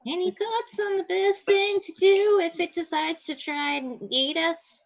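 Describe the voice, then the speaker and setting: A woman's voice: very high-pitched, fairly even intonation, measured pace, gravelly, muffled recording. A woman player in a tabletop game, playful and joking.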